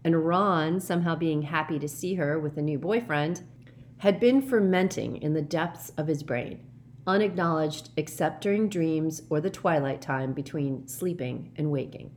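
A woman reading a novel aloud in measured, steady scripted narration. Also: low voice, a little hiss or hum. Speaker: audiobook narrator.

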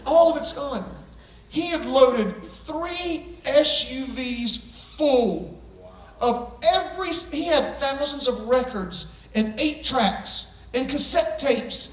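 A middle-aged male pastor telling a story in a sermon, animated, laughing and bursting into shouts. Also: very high-pitched, slow pace. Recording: echoey room heard from a distance.

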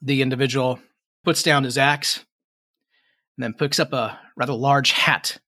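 A man narrating as game master, halting with fillers and restarts as he describes the scene. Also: mid-range voice, fairly even intonation, sharp tone, no echo, clean studio sound.

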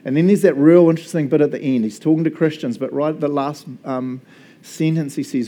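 A male pastor preaching a sermon in a casual, joking, animated way. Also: fairly high pitch, brisk.

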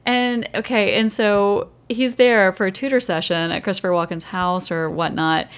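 A woman co-hosting a casual podcast about a movie, animated and quick to laugh and swear. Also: medium pitch, clean tone. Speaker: podcast co-host. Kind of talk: casual film discussion.

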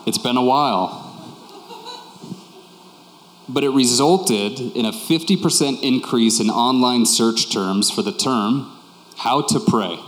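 A man's voice: mid-range voice, slow, pauses often. A man preaching a sermon to a congregation, talking in a candid, conversational way and repeating key phrases for emphasis. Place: church hall with congregation. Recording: echoey hall with long reverb.

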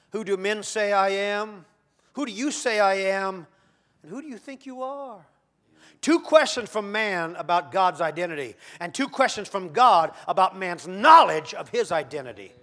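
A high-voiced man delivering a sermon. He swings from hushed, measured lines to loud, shouted peaks. He acts out the voices of the figures he quotes. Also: animated. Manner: dramatic, swinging from soft to shouting. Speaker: preacher.

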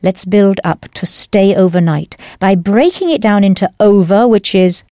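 A woman teaching a language lesson in a clear, patient, encouraging scripted voice. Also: mid-range voice, moderate pace, mellow, dry recording, clean studio sound.

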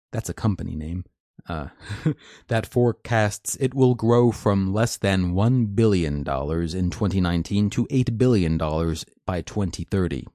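A man's voice: on the low side, warm tone, no echo, studio quality. A man hosting a live stream, reading news articles and commenting in a chatty, opinionated way with many fillers and restarts. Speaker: host.

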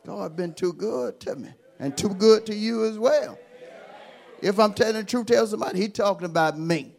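Gravelly high-voiced preacher man. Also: normal speed. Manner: fiery call-and-response preaching, swinging from hushed to shouting. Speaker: bishop preaching. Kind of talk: sermon.

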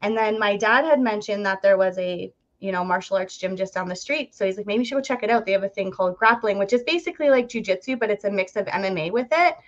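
A woman's voice: mid-range voice, fast, hardly any pauses. A young woman from Ontario, a podcast guest telling her story casually and animatedly, full of "like" fillers and acted-out quotes. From Ontario, Canada. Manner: chatty, animated, many "like" fillers, acts out quoted voices. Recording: dull lo-fi podcast audio.

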